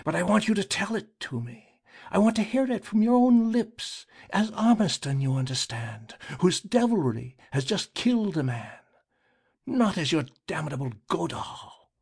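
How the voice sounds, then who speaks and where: A man voicing a grim, rasping middle-aged male deputy who questions relentlessly. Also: high voice, sing-song, measured pace, darkish tone, pitched above the performer's own voice, full character voice. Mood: accusing.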